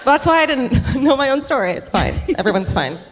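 A fairly high-pitched American woman whose voice swoops up and down as she banters and swears on a live comedy podcast stage. Her laughs come often, and a long reverb from the big hall trails every line. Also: brisk. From United States. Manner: animated, profane, laughs a lot. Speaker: podcast co-host. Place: large concert hall before a live audience.

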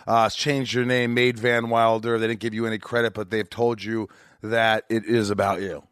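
A man hosting a podcast, asking quick questions and teasing his guest in a dry way. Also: fairly low pitch, little pitch movement, a bit bright, clean tone, no room sound. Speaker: podcast host. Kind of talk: casual interview chat.

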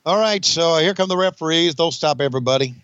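An older man co-hosts a podcast in a high, bright voice, full of wry and profane deadpan jokes. The recording is dry and a little dull. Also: fast talker, clear, resonant tone, dry recording. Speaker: podcast co-host and former announcer. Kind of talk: casual podcast chat and mock commentary.

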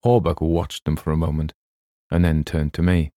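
A man narrating a classic story in a measured, deliberate way. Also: rumbling low, level tone, dark tone, no echo, clean studio sound. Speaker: audiobook narrator. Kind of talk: scripted narration.

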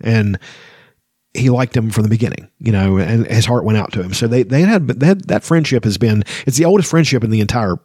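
A man reading a fantasy novel aloud and commenting on it, emotional and halting, with frequent restarts. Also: mid-range voice, darkish tone, no echo, clean studio sound. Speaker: reader and book fan.

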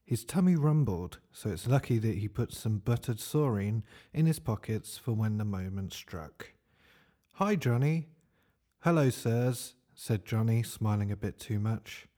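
A man narrating a comic story in a dry, deadpan way. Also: lowish voice, normal speed, few pauses.

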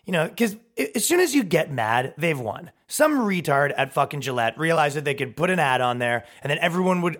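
Animated man in his thirties, ranting. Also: on the high side. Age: 30s. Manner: profane, heated, mimics people in quick put-on voices. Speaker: podcast host. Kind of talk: comedic podcast rant.

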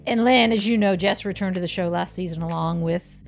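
A woman's voice: lowish voice, brisk, vocal fry, soft background music. A woman co-hosting a podcast, chatting casually and playfully with frequent laughter. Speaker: podcast co-host. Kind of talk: casual chat.

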